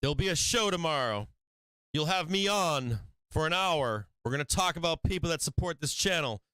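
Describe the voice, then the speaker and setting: A man's voice: fairly high pitch, expressive, normal speed, bright, forceful tone, clean tone, no room sound. A man hosting a stock trading livestream in casual chat, rambling and swearing freely, often breaking into laughter.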